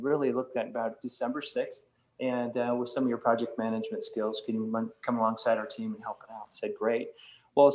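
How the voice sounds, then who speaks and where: A man's voice: medium pitch, darkish tone, rough recording. A middle-aged man giving a casual, conversational talk to a church fellowship group, with many fillers and restarts. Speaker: guest speaker from a nonprofit campus.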